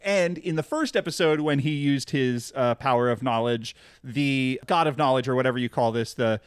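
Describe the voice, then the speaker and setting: A man's voice: mid-range voice, normal speed, smooth, no room sound, clean studio sound. A man co-hosting a podcast, recapping a cartoon in casual chat, rambling with lots of fillers and restarts. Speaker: podcast co-host.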